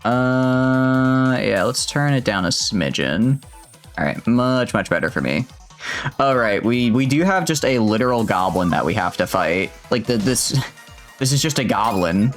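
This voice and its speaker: A man's voice: mid-range voice, expressive, measured pace, soft background music. A young man casually chatting with viewers while streaming a game, rambling and laughing often. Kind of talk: casual gameplay livestream chat.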